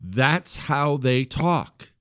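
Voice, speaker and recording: A middle-aged man delivers a forceful talk radio monologue in an ordinary, mid-pitched voice. He leans hard on his points and now and then jumps into a shrill, mocking imitation of the people he criticizes. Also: animated, very slow, clear, resonant tone. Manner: emphatic, swings into high mocking voices when quoting others. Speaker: radio talk show host.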